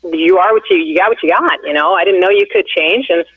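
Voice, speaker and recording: A woman's voice: on the low side, sing-song, a little fast, breathy edge, no room sound. A woman in her forties, the candidate's wife, phoning in to an interview and telling a long story full of fillers and restarts. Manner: rambling, many fillers and restarts. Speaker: phone guest, candidate's wife. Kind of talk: casual storytelling on a call-in interview. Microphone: telephone. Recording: tinny phone line, dry.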